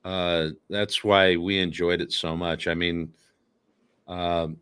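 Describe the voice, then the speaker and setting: A man hosting a casual talk show, speaking earnestly and haltingly with many fillers. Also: deep voice, flat delivery, fairly bright tone, clean tone. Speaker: podcast host.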